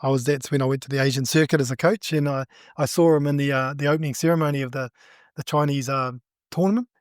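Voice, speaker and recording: A middle-aged man with a New Zealand accent, a judo coach telling stories in a casual interview, animated and laughing as he acts out what people said. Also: medium pitch, quick pace, no room sound, studio quality.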